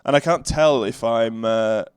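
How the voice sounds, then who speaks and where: A man hosting a loose, casual podcast, sounding a bit under the weather with a voice pushed deeper than usual. He rambles and reads headlines aloud in a middle-pitched voice. The sound is dry and close, with no room around it. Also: measured pace, clean tone, no room sound. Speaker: podcast host.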